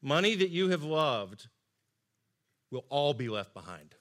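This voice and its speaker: A middle-aged man preaching a sermon, earnest and emphatic, often dropping to soft asides. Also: fairly high pitch, big pitch swings, measured pace. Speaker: pastor.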